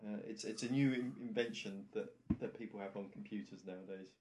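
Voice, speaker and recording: A man's voice: fairly low pitch, a little fast, heavy background noise. A man co-hosting a podcast, chatting casually and joking, often laughing at his own jokes. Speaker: podcast co-host. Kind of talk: casual comedic chat.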